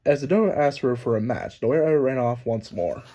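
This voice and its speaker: A man narrating a children's storybook aloud in a lively, expressive reading. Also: mid-range voice, fairly quick, muffled recording. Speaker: storybook reader.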